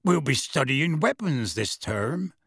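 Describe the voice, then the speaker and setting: A big, jovial teacher who adores beasts, as a man puts him on in a storybook. He speaks heartily and slowly, and the sound stays dry and close. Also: fairly high pitch, big pitch swings, gravelly, fairly bright tone, breathy edge, dry recording, exaggerated voice.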